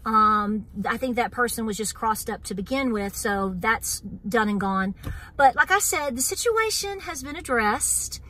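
A middle-aged woman with an East Tennessee accent talks straight to her viewers on her homestead vlog. Her voice sits a little high and sounds bright and forceful. She is earnest and wound up, says y'all and keeps coming back to "here's the deal.". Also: animated, a little slow. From Southern Appalachia. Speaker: homestead channel host. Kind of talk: casual vlog talk to viewers.

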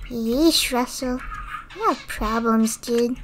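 A woman's voice: on the high side, unhurried, pauses often, a little hiss or hum. Chatty female game streamer. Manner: chatty, thanks viewers, reads game text aloud. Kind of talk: casual gameplay commentary.

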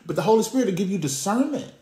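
A man preaching with an animated, conversational delivery, dropping street slang as he talks straight to his listeners. His voice sits a bit high for a man. The sound carries a noticeable roomy echo. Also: very fast. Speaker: pastor. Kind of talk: sermon.

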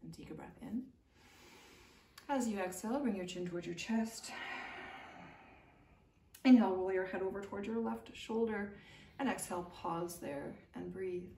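Woman, young adult, yoga teacher, calm gentle guidance, distant mic, echoey room. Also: medium pitch, moderate pace, pauses often, a little hiss or hum. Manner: calm, gentle, soothing guidance with light laughs. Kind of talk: guided yoga instruction.

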